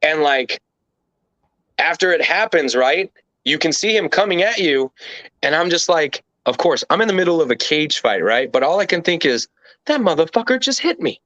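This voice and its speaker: A man's voice: a little high, expressive, moderate pace, pushed and bright, no echo. A man being interviewed, telling a story casually and animatedly, with plenty of swearing and rambling asides. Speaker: interview guest. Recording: dull lo-fi dry recording.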